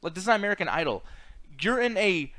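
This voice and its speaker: A man's voice: high voice, very animated, fast talker, pushed and bright. A man co-hosting a casual movie review chat, ranting bluntly and with exasperation, swearing often. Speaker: podcast co-host.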